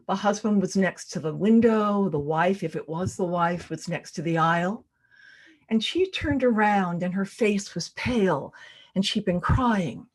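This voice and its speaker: An older woman with a mid-range voice tells a personal story live at a storytelling event. She pauses for dramatic effect and drops to a hush at the tense moments.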